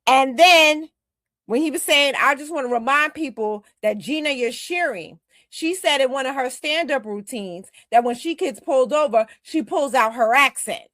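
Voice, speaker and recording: A woman hosts a commentary show and speaks bluntly and heatedly, with a fairly high voice. The sound is dry and close, with no room echo. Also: normal speed, fairly bright tone. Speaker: commentary host. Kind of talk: casual commentary.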